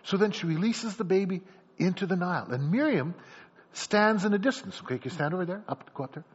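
A man's voice: sits high, a little fast, slightly rough. A man preaching a sermon, acting out a story scene by scene and calling on the congregation. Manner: animated, acts out scenes, addresses congregation. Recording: dull lo-fi sound.

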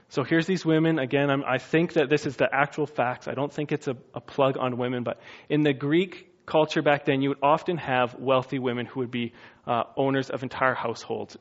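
A man's voice: mid-range voice, muffled recording. A man preaching a sermon in a casual, conversational way, now and then acting out quotes in funny voices. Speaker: pastor.

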